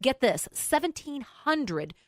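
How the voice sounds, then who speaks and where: A woman's voice: sits high, very animated, takes it slowly. A woman co-hosting a radio show, chatting casually and reading listener posts aloud with her own asides. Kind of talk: casual talk radio chat.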